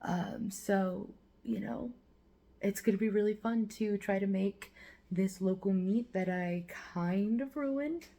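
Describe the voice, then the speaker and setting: A woman's voice: medium pitch, mellow, poor audio. A woman chatting casually in a rambling, chatty way while cooking in her home kitchen for her vlog. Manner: rambling, chatty, fond of swearing. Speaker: vlogger host.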